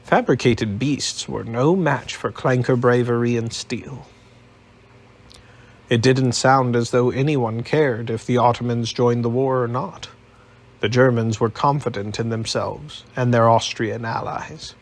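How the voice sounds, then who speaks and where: The audiobook is voiced by a man whose mid-range delivery is a little slow, calm and even as he tells the story.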